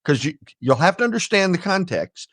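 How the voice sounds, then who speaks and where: A man's voice: high voice, very animated, fairly quick, fairly bright tone, no echo. An older man, a podcast guest, telling a personal story with jokey, blunt asides to the listeners. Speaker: guest, ethics speaker.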